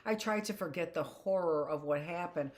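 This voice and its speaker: A woman with a low voice reads a first-person novel aloud, the way a teacher reads to her class. Her delivery is steady, with the occasional stumble that she corrects and a quick aside of her own. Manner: steady reading with small slips and self-corrections.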